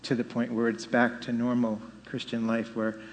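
A man in his fifties giving a personal faith testimony, telling it with animated storytelling and rising emphasis. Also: mid-range voice, normal speed. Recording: long hall reverb.

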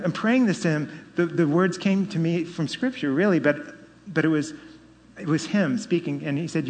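A middle-aged man tells his story of faith in a lively, storytelling way, his voice rising when he stresses a point. His voice sits at an ordinary pitch and carries a long reverb, as if he were speaking in a large hall. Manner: animated storytelling with laughs and rising emphasis. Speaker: speaker giving testimony. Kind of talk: personal testimony.

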